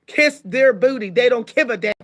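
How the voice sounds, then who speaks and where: A woman's voice: a little high, animated, normal speed, fairly bright tone. A woman hosting her own channel, venting angrily to her viewers in a profane, emphatic rant. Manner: profane, heated, emphatic storytelling. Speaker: channel host. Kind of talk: angry venting monologue to viewers.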